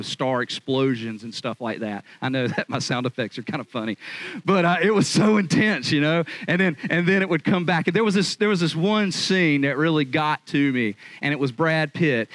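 A man preaching a casual, conversational sermon in an animated, chatty way. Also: mid-range voice, no room sound, rough recording. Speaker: pastor.

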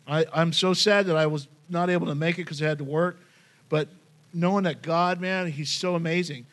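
A man giving a casual, conversational sermon, reading Bible passages aloud and commenting on them with lively asides. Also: a little high, moderate pace. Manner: conversational, animated, says "man" often. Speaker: preacher.

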